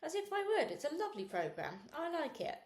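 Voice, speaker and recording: A woman reading aloud a storybook and voicing a gentle, anxious mother who coaxes and soothes her daughter with forced cheer. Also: high-pitched, big pitch swings, brisk, voice pushed up. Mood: tender. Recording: roomy echo.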